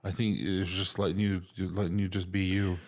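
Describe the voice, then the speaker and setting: A man's voice: sits low, flat delivery, darkish tone. A middle-aged man co-hosting a podcast, talking casually and emotionally with lots of fillers and restarts. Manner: halting, emotional, many fillers. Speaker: podcast co-host. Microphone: remote recording setup.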